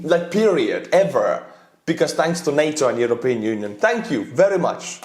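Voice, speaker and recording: A man's voice: medium pitch, sing-song, moderate pace, a little mellow, roomy sound. A man with an Estonian accent, rambling and chuckling as he reacts to memes. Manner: rambling, chuckling, earnest asides. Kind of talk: casual reaction commentary.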